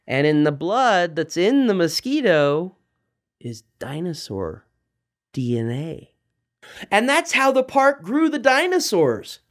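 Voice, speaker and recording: A man retelling a film story for young children, animated and quizzing his listeners as he goes. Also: high-pitched, slow pace.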